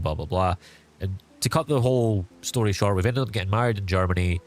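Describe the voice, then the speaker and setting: A young man chats to his viewers as a streamer, recounting a story in a loose, meandering way. His voice sits a little low, and he leans on "like" and "um" as he goes. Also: fairly quick. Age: young adult. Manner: rambling, full of fillers like "like" and "um". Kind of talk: casual storytelling.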